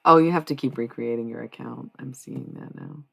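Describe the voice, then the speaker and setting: Gravelly, husky-voiced woman streamer. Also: very deep voice, normal speed, poor audio. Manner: meandering, talks to chat, trails off. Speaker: livestreamer. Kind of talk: rambling livestream chat.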